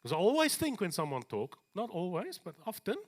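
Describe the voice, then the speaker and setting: A man preaching a sermon in a church, animated, with joking asides and slower scripture readings. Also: sits high. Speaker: pastor.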